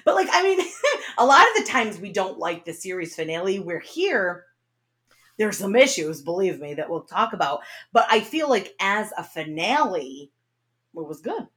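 A woman hosting a podcast in a chatty, animated way, laughing often. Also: mid-range voice, moderate pace. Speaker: podcast host. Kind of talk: casual chat.

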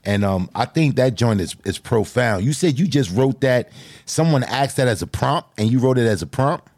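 An excited man hosts a casual interview, using slang and repeating his phrases as he praises his guest. His voice sits at an average pitch and sounds dry and close. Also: normal speed, no echo. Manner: enthusiastic, repetitive, slangy. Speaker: show host.

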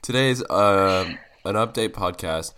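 A man's voice: deep voice, takes it slowly, bright, forceful tone, clear, resonant tone. A sick young man co-hosting a casual podcast chat, playful and emphatic, with audible breaths into the microphone. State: sick, congested. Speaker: podcast co-host.

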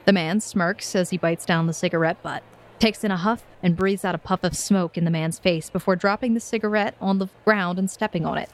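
A woman's voice: on the low side, fairly quick. Brief: woman game master, playful, descriptive scene narration.

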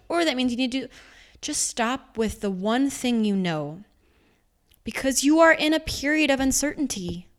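A young woman hosting a reflective spiritual coaching talk, calm and guiding, slowing into a soft meditative voice for a grounding exercise. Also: fairly high pitch.

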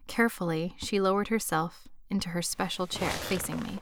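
A woman's voice: lowish voice, moderate pace, few pauses, slight background noise. A woman narrating her own memoir in a subdued, intimate way. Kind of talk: first-person memoir narration.

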